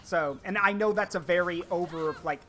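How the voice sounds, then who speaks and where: Rambling higher-voiced man gaming with friends. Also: normal speed, pushed and bright. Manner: rambling, lots of fillers and restarts. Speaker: streamer playing a video game with friends. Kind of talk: casual gaming chat.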